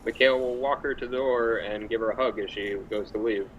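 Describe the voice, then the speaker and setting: A man playing a priest character in a tabletop role-playing game, speaking haltingly with fillers. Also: mid-range voice, fairly even intonation, slight background noise, rough recording. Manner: halting, with frequent fillers and restarts. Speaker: player.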